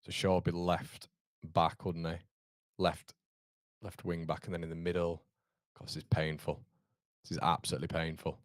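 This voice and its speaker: A man's voice: deep voice, level tone, normal speed, pauses often, dry recording, clean studio sound. A man from York, hosting a live football watchalong in a chatty, rambling way with frequent laughter. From York, England. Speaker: watchalong host.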